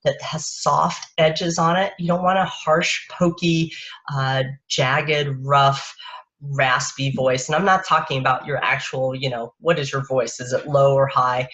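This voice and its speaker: A woman parenting coach giving a live-streamed talk in a soft, unhurried, lulling way, speaking into a webcam or phone. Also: rumbling low, fairly even intonation. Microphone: webcam or phone on a live video stream. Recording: dull lo-fi stream audio.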